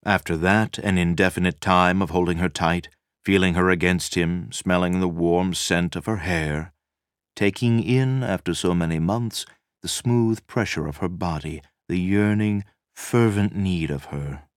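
A man reading a novel aloud as narrator, measured and dramatic. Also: low voice, fairly even intonation, clear, resonant tone, dry recording, studio quality. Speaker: audiobook narrator. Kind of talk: scripted narration.

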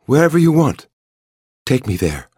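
A man voicing a young woman lover in an audiobook, breathy and pleading, with a raised pitch. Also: very animated, normal speed, warm tone, no room sound, studio quality. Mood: breathless tender.

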